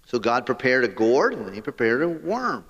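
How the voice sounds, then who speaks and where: A man preaching a sermon as pastor, animated and talking straight to his congregation. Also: mid-range voice, moderate pace, long reverb tail, highs cut off.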